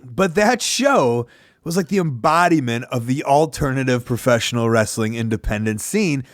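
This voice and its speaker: A man, hosting a podcast in a rambling, self-deprecating monologue with animated asides. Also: mid-range voice, normal speed, no room sound, studio quality. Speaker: podcast host. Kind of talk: casual monologue.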